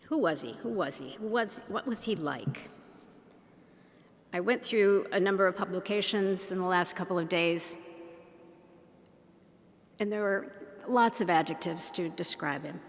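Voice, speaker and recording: A woman giving an unhurried, teacherly talk to an audience, asking them questions as she goes. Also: lowish voice, a little hiss or hum. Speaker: speaker. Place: large shrine hall. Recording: long hall reverb.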